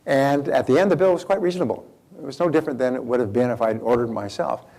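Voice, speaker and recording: Older man, motivational speaker, gravelly voice, folksy rambling seminar storytelling. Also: mid-range voice, fast talker, dark tone. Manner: folksy storytelling with many fillers and restarts.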